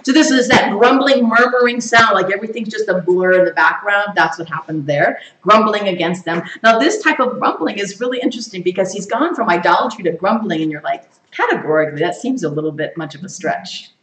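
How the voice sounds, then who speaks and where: A woman's voice: mid-range voice, brisk, few pauses. Lady teaching bible study, asks the room questions, laughs a lot, echoey room, mic kinda far. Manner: animated, asks the group questions and laughs often.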